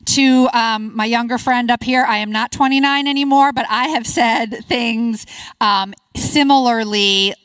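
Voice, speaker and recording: A middle-aged woman presenting at a conference workshop, upbeat and encouraging, quick to praise the audience's answers. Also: a little high, a bit bright, clear, resonant tone, no echo. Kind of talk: interactive workshop talk.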